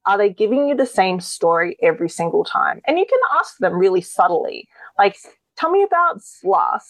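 A woman's voice: on the low side, expressive, fairly quick, no room sound, poor audio. A woman, a guest expert earnestly explaining in a conversational interview, often restarting her sentences.

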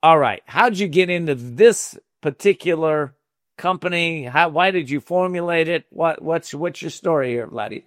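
A man's voice: on the high side, moderate pace, a bit bright, no echo. Dry-voiced male talk show host. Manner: friendly, reads guest bio aloud. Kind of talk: interview hosting.

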